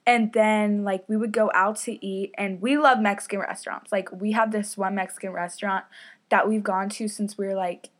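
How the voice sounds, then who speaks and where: A young woman talks into a podcast mic on a stand, rambling through a personal story. She fills her sentences with "like" and "um" and pokes fun at herself as she goes. Her voice sits at an ordinary middle pitch. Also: steady tone, normal speed. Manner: rambling, chatty, lots of "like" and "um", self-deprecating. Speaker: podcast host. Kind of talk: casual solo podcast storytelling.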